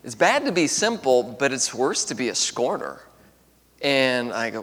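A man leads a lively Bible lesson for a class, asking questions and laughing often between his fillers. His voice sits in a middle range, and it rings in a large hall with a long trailing echo. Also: medium pitch, a little slow. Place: large room with a piano. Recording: echoey hall.

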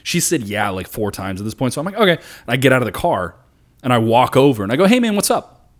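Young guy on a podcast, telling a story, swearing, doing everyone's voices, mid pitch. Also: quick pace. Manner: animated, profane, acts out quotes. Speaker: podcast co-host. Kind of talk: casual storytelling chat.

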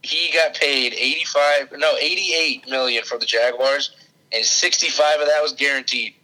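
An excitable young man co-hosting a sports podcast. He talks emphatically and slangily, and his voice has a very bright, cutting edge at a mid-range pitch. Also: moderate pace, low-quality recording. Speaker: podcast co-host. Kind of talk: casual sports chat.

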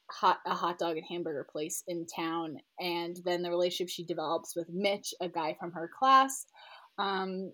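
Chatty enthusiastic woman podcast host. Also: lowish voice. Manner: chatty and enthusiastic, often trailing off. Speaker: book club podcast host. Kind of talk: casual chat.

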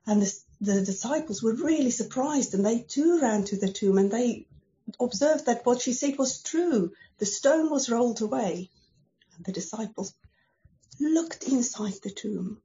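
A woman's voice: fairly high pitch, expressive, moderate pace, mellow, dull audio. A woman telling a Bible story at a church service in plain, careful words. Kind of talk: slow, simple Bible storytelling.

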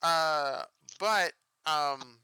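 A man's voice: fairly high pitch, very slow, bright, forceful tone, clear, resonant tone, dry recording. A young man hosting a podcast in casual chat, laughing often and swearing freely. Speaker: podcast host.

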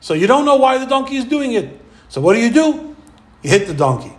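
High-voiced animated male Torah teacher. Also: fairly quick. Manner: animated storyteller acting out quoted voices. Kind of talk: Torah lecture.

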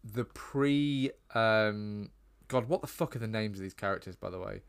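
Co-hosting a laid-back film chat podcast, a British man rambles on, filling gaps with "um" and "like." He has a lowish, clear, resonant voice with vocal fry and speaks at a moderate pace.

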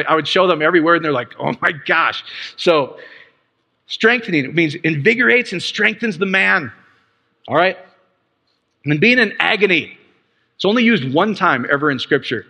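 A man preaching a sermon, animated and laughing often as he explains scripture word by word. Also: on the high side, big-room sound.

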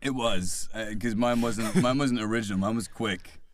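A man hosting a casual podcast chat, chatty and quick to laugh. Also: lowish voice. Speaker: podcast host.

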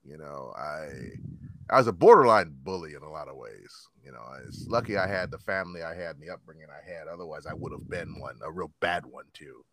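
A man in his thirties telling rough stories in casual chat, swearing and acting out quotes in a higher voice. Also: fairly quick, slight background noise. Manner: animated storyteller, swearing, acts out quotes in higher voice.

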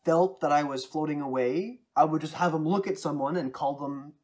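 A man's voice: a little high, moderate pace, darkish tone. A man in casual chat, thoughtfully explaining tips on voicing characters at length.

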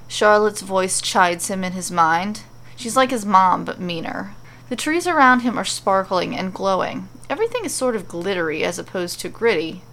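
A woman narrating a storybook tale, reading in an animated, playful way. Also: mid-range voice.

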